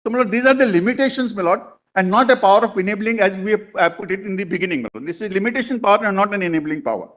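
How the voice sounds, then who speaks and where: A man arguing a legal case before a court, calling the bench "my lord" again and again, with halting restarts, recorded in a courtroom. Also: high-pitched, expressive, a bit bright.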